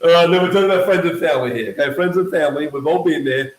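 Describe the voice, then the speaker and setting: A man with an Australian accent telling a lively motivational story about network marketing, acting out the voices he quotes. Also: a little high, fast talker, reverberant, poor audio. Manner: energetic, acts out quoted voices.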